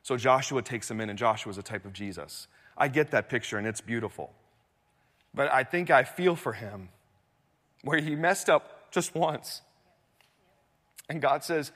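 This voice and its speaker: A man preaching a sermon in a church, telling the story with animated swings between loud and hushed delivery. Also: medium pitch, normal speed, long pauses, big-room sound. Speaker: pastor.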